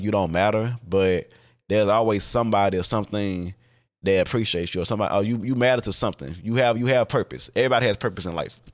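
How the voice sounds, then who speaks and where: A man hosting a podcast, talking alone in a casual, candid way, with many fillers and restarts and casual swearing. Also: fairly low pitch. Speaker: podcast host.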